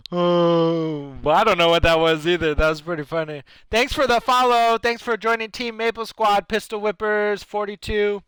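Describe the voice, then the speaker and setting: A man streaming a game live, chatting casually and reacting excitedly and jokingly to the other players. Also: sits high, normal speed, smooth, no echo, studio quality. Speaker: gaming streamer.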